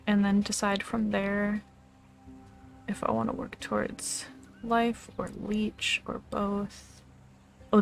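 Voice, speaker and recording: A woman's voice: medium pitch, creaky. A woman streamer chatting casually as she plays a game and talks to her pet between moves. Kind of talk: casual gameplay commentary.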